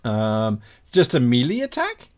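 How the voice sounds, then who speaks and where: A man running a tabletop game as game master, narrating scenes in a measured way with fillers. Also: medium pitch, wildly swooping pitch.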